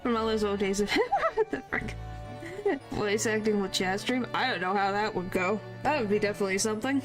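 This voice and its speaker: A woman's voice: mid-range voice, very animated, brisk, soft background music. A woman streaming a video game, chatting casually and playfully, trying out character voices. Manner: playful, tries out voices, mild exclamations.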